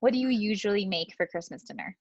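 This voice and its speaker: A woman acting as a speech clinician, coaching a client through exercises in a gentle, encouraging way. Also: mid-range voice, expressive, quick pace, slightly rough, no room sound, lo-fi sound. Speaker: student speech-language clinician. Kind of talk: clinical exam instructions.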